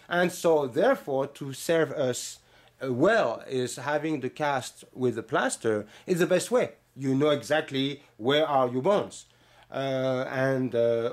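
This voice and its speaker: A middle-aged man with a heavy French accent, a bootmaking instructor explaining his classes in an earnest, hesitant way with many fillers. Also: medium pitch. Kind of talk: explaining classes in a promo walkthrough.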